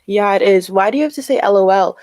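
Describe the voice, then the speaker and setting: A woman's voice: mid-range voice, fast, darkish tone, dry recording. Woman on a live tarot stream, chatty, says like a lot, dry close sound. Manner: chatty, with many "like" fillers. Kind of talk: casual live stream chat.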